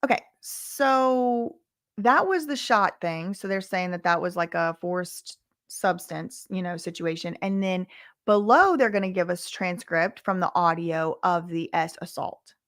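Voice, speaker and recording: A woman's voice: on the low side, a little slow, fairly bright tone, no room sound, studio quality. Woman casually breaking down a lawsuit. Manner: reads transcript quotes aloud with frequent asides. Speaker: legal commentary host. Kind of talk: casual commentary reading from a lawsuit.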